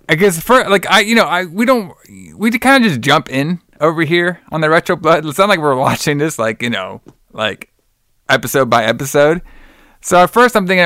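A man's voice: fairly high pitch, lively intonation, moderate pace, pushed and bright, no room sound, clean studio sound. Rambling, profane male podcast co-host. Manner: profane, rambling, says "brother" and "like" a lot. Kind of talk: casual chat recapping old wrestling shows.

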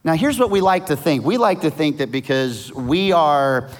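A man's voice: a little high, expressive, moderate pace. A man preaching a sermon as casual, vivid storytelling with slang. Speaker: pastor.

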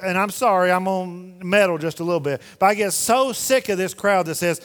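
Folksy preacher in an echoing hall. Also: male voice, sits high, moderate pace. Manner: folksy, emphatic Southern-style preaching with rhetorical questions. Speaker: pastor. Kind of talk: sermon. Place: church sanctuary. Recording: long hall reverb.

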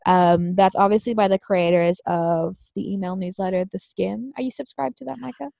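A woman's voice: mid-range voice, moderate pace, creaky, warm tone, no room sound. Young woman, podcast co-host, eager, filler-heavy, casual chat, dry. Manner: enthusiastic, filler-heavy recommending.

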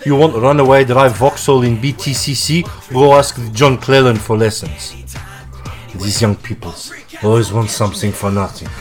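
Brash Russian-accented cabbie played by a man, broken English, loud hard-sell patter, comedy ad skit. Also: mid-range voice, normal speed, faint music behind, lightly acted. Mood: scolding. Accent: put-on Russian. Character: boastful immigrant male cab driver, pushy and scolding.

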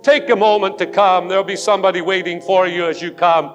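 A pastor making an urgent, pleading altar call during a sermon in a large church sanctuary. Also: male voice, high-pitched, fairly even intonation, fairly quick, a bit bright. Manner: pleading and urgent, rising to fervent force. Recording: long hall reverb of a church.

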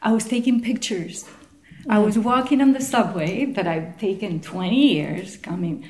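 A woman telling a group about her experiences, animated and searching for words, sometimes out of breath. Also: medium pitch, normal speed. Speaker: participant sharing experience. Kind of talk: spontaneous personal account.

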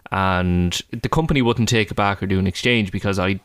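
A man's voice: deep voice, brisk, a bit bright, clean tone, no echo, studio quality. An Irish man in his thirties, co-hosting a podcast and telling stories with voices and laughter. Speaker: podcast co-host. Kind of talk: casual chat.

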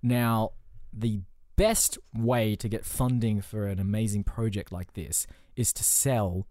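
A man's voice: on the low side, fairly even intonation, slow pace, a little mellow, no room sound, clean studio sound. A man in casual improvised comedy chat, rambling and playful, laughing often as he builds silly ideas.

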